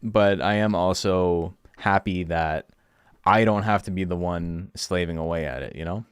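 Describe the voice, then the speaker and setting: A man's voice: low voice, unhurried, clean tone, no room sound, studio quality. A young man streaming from home, chatting casually and ranting about his viewers, swearing often. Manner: ranting, swears a lot, quotes chat in mocking voices. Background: faint background music.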